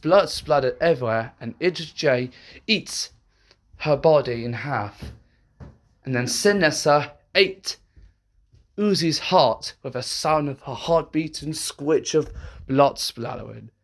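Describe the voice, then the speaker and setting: A storyteller narrating a homemade horror fan story in a halting way, with frequent restarts. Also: medium pitch.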